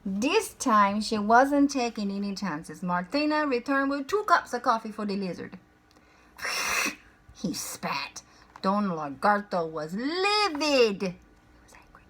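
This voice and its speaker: A woman reading a children's picture book aloud in an expressive, playful way. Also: mid-range voice, takes it slowly. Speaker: storyteller.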